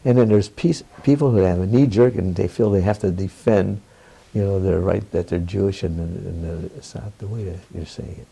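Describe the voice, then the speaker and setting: An older man with a low, gravelly, slightly husky voice speaks candidly in an interview at normal speed. His tone is dark and mellow, and he tells stories with animation, often laughing and acting out what others said. The audio is poor.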